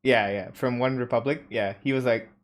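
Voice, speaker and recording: A man who speaks English as a second language, hosting a relaxed, slangy chat. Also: medium pitch, normal speed. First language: not English. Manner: laid-back, slangy, says yo and damn. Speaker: host. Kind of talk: casual chat.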